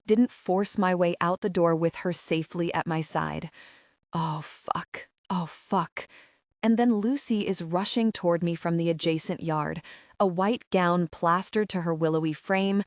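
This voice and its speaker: A woman's voice: fairly low pitch, darkish tone, no room sound, studio quality. A woman narrating a first-person romance audiobook in an emotional, dramatic reading.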